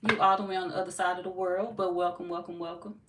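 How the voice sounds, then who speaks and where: A Missouri woman runs a tarot livestream, chatting casually and reading out viewer comments. Her voice sits fairly low and comes out flat and quick, and she's blunt, playful, swears freely and laughs a lot. She's far from the mic in an echoey, noisy room.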